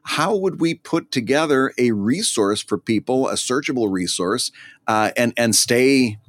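A man's voice: mid-range voice, expressive, unhurried, dry recording. A man chatting casually on a podcast, rambling and self-deprecating, laughing often.

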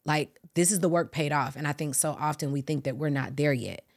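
Woman podcast host, low voice, expressive chatty delivery. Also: brisk. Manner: expressive, animated, swears casually. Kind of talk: casual chat.

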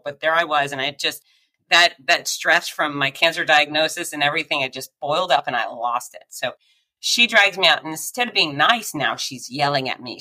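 A woman with a low-pitched voice tells her story as a podcast guest. Her delivery is forceful and bright, and she acts out quoted voices and sound effects. She laughs often along the way. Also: low-quality recording. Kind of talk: personal storytelling in conversation.

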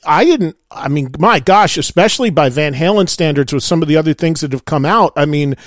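A man's voice: on the high side, expressive, a little fast, no room sound, studio quality. A man hosting a radio interview, talking as an enthusiastic fan and telling stories with animation. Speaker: radio host. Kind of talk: casual interview chat.

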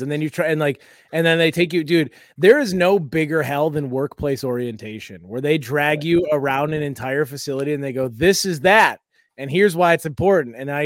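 A young man hosts a casual, comedic podcast chat, loose and joking, swearing often and doing mock voices of people. His voice is a little high, and the sound is clean studio audio with no echo.

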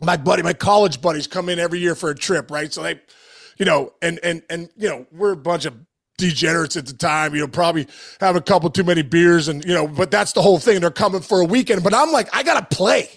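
A middle-aged man, a former ballplayer, telling an animated locker-room story in casual podcast chat, peppered with "dude.". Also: on the high side, fast. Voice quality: gravelly, animated, swears and says dude.

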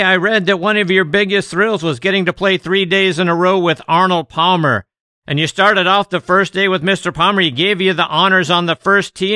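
A man's voice: sits high, sharp tone, smooth, no room sound. A man hosting an interview, reading out prepared questions to his guest. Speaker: host. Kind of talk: podcast interview.

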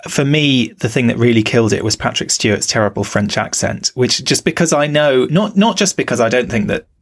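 A man's voice: mid-range voice, animated, a little fast. A man co-hosting a podcast, talking casually and thoughtfully, asking himself questions and restarting his sentences. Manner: musing, self-questioning, many restarts. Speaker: podcast co-host. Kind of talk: casual critical discussion.

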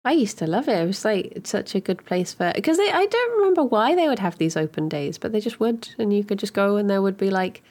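A woman's voice: medium pitch, animated, fairly quick, hardly any pauses, a little mellow. A woman from Hertfordshire, co-hosting a podcast and rambling through stories with lots of giggles. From Hertfordshire, England. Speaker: podcast co-host. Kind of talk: casual chat.

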